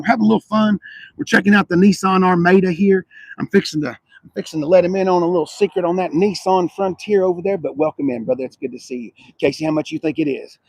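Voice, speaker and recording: A man doing a casual car walkaround on a dealership lot, loud and excitable, swinging between low murmurs and sudden shouts. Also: breathy edge.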